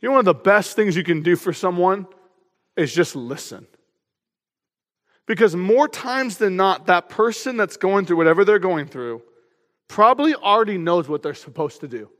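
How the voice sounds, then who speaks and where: High-voiced pastor, humorous and energetic. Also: male voice, normal speed. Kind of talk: sermon. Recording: long hall reverb.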